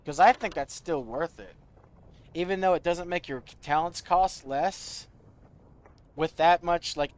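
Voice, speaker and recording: Rambling young man streaming a game. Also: on the high side. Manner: rambling, self-deprecating, talks to chat. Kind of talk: casual gameplay commentary. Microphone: studio desk mic.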